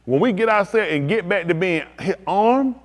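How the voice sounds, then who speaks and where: A man's voice: high voice, lively intonation, normal speed. A man preaching a live-streamed sermon to his congregation, emphatic and repetitive, hammering short punchy declarations. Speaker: pastor.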